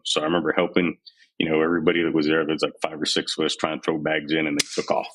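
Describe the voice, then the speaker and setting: Rapid-fire and monotone, with a fairly bright tone over a very deep, husky voice, a man in his forties from San Antonio, Texas, tells candid, animated stories of his army years as a podcast guest, imitating the people he quotes. The recording is rough.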